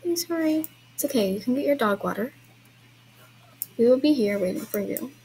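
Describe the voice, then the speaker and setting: A young woman with a fairly high, dark-toned voice talks fairly quickly as she hosts an online horse-riding event, chatting to viewers and laughing lightly through apologies. The audio is poor, with slight background noise.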